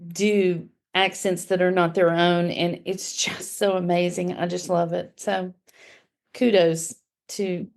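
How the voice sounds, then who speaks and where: A woman's voice: on the low side, little pitch movement, slow, vocal fry, a little mellow. Chatty, enthusiastic woman co-host. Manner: enthusiastic, chatty, self-deprecating. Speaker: podcast co-host. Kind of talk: casual podcast chat.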